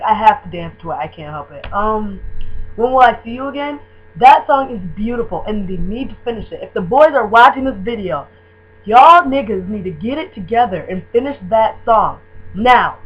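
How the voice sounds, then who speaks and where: A young woman from Michigan gushing about a band she loves in a casual video, with lots of "um" and "like" and excited rambling. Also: a little high, normal speed, slightly rough. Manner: gushing, excitable, filler-heavy fan talk. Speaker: vlogger. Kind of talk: casual fan tag video. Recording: dull lo-fi webcam audio with faint hum.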